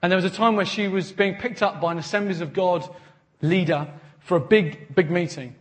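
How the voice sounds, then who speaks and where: Earnest high-voiced male preacher. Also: normal speed. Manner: animated storytelling with acted quotes; earnest, repeats words when building up. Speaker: pastor. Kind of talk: sermon.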